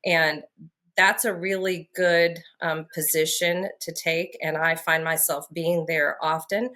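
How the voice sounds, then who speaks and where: A woman co-hosting a faith podcast, speaking in a calm, reflective and gently reassuring way. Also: low voice, slow pace. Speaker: podcast co-host. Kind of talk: casual faith podcast conversation.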